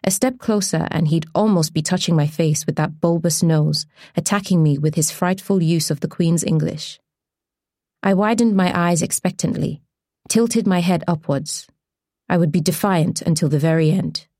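A woman reading an audiobook in measured, deliberate scripted narration. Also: fairly low pitch, a little mellow, no echo, studio quality.

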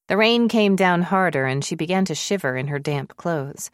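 A woman narrating an audiobook in a measured, even storytelling manner on a close studio mic. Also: fairly low pitch, smooth, dry recording. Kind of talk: scripted narration.

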